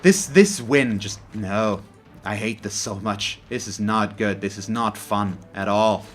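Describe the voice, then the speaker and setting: A man's voice: on the low side, unhurried, soft background music. A man commentating his own game as host of a let's play, talking in a frustrated, openly salty way with frequent sighs. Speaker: gaming channel host.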